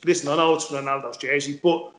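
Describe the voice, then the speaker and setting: A man's voice: fairly high pitch, fairly even intonation, quick pace, a bit bright, reverberant. A man casually telling a football story, swearing freely and acting out the dialogue. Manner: swears freely, tells stories with quoted dialogue. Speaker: former footballer guest.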